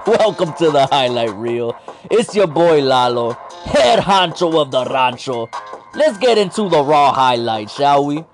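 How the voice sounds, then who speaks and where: A man's voice: fairly high pitch, animated, slow, soft background music. A man hosting a wrestling podcast, talking in a playful, slangy, self-mocking way. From Latino. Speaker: podcast host. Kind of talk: casual wrestling podcast commentary.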